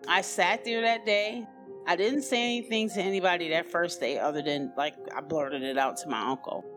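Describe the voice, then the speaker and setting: A woman's voice: fairly low pitch, normal speed, music in the background. A woman candidly telling her own life story in a loose, conversational way, with lots of "you know" and "like". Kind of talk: personal storytelling, unscripted.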